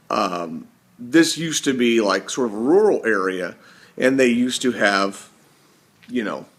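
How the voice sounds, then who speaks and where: A man's voice: medium pitch, a bit bright. A man talking casually to camera in a rambling, self-correcting monologue. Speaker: vlogger.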